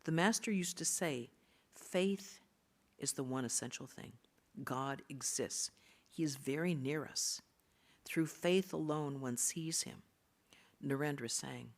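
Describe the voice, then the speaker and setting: Low-voiced woman reading scripture slowly. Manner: slow, measured reading that drops into soft half-whispers; pauses to explain terms in a plain aside. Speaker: reader of a spiritual text. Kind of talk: reading scripture aloud to a study group.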